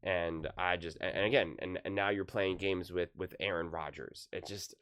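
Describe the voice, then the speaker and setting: A man's voice: fairly even intonation, normal speed. A man giving casual solo sports commentary, rambling with many restarts and growing more heated as he goes. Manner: rambling, many restarts, grows louder and higher when heated.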